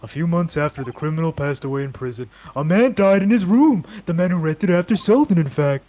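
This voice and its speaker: Mopey nasal grump voice, cartoony whine, slightly high, guy doing it. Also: animated, a little fast, dark tone, natural voice. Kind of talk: reading game dialogue aloud.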